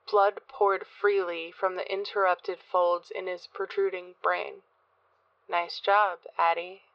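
A woman reading a first-person horror story as narrator in a measured, dark manner. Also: lowish voice, no echo, lo-fi sound. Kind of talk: scripted horror audiobook narration.

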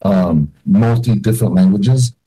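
Young male podcast host, mellow tone, rambles and restarts mid-thought. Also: on the low side, a little slow, a little hiss or hum, rough recording. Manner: rambling, many restarts and fillers. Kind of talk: casual podcast chat.

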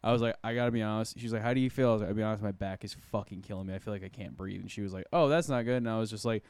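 A man's voice: fairly low pitch, little pitch movement, darkish tone, smooth, dry recording. A man in casual podcast chat, telling rambling stories full of swearing. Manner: fast, swearing storyteller. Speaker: podcast guest.

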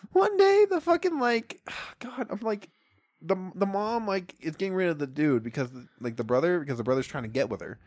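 A young man in casual chat, retelling a film plot in an animated, profane way. He laughs often and acts out the characters' lines. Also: high-pitched, no echo, clean studio sound. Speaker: podcast co-host.

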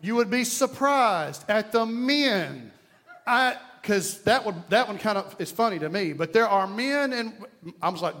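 A male pastor with an East Texas accent, his voice pitched very high for a man. He preaches emphatically, repeating his key lines for effect and weaving in folksy jokes. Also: lively intonation, a little slow, fairly bright tone. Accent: Southern US, East Texas. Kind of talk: sermon.

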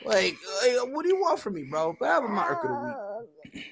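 A young man co-hosting a podcast in casual chat, an animated storyteller who acts out the dialogue. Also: sits high, moderate pace, gravelly, a crowd in the background. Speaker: podcast co-host.

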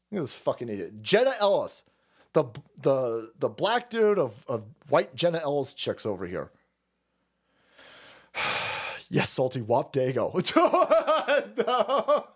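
Man, livestream host, political rant, heated, crude, mocking, swears constantly, lively swinging pitch. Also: measured pace, breathy edge.

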